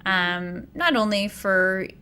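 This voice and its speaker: A woman's voice: mid-range voice, expressive, slow pace, sharp tone, slight background noise. A woman hosting a podcast, talking in a reflective, affirming way in casual conversation. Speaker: podcast host.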